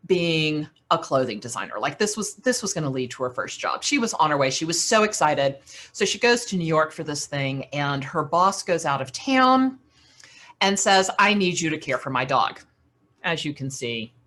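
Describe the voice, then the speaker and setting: A woman speaker telling an animated story to business owners, with dramatic swings in her delivery. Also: on the low side. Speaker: keynote speaker.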